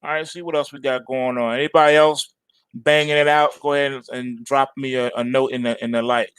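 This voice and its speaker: A man's voice: level tone, fairly quick, a bit bright, clean tone, dry recording. A man hosting a live trading stream, talking casually and joking with his chat. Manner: playful, jokey, swings into high mock-whiny bits. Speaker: trading show host.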